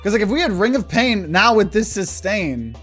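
A man's voice: sits high, very animated, moderate pace, fairly bright tone, soft background music. A man giving casual let's-play commentary, thinking aloud as he plays. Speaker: gaming channel host.

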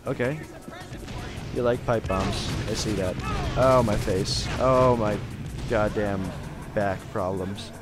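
A young man giving joking let's play commentary, swearing often and bursting into shouts. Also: fairly low pitch, takes it slowly, pauses often, over music. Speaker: gamer.

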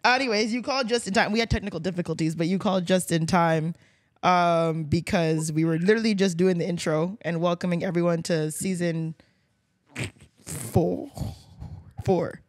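A woman's voice: on the low side, fairly even intonation, moderate pace, no echo, clean studio sound. Chatty woman podcast host. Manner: chatty, laughs often, easily distracted. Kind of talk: casual podcast chat. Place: podcast studio.

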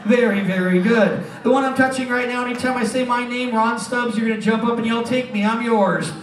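A man's voice: very high-pitched, fairly even intonation, brisk. A man working as a stage hypnotist, joking and bantering through his live comedy show in a casino showroom. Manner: brash, joking showman patter. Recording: echoey room from far off, crowd.

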